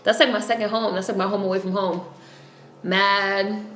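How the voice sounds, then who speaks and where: A woman's voice: mid-range voice, flat delivery, moderate pace, a bit bright, slight background noise. Blunt, profane woman with a New York accent. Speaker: livestream host. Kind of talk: casual live-stream chat. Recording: echoey room.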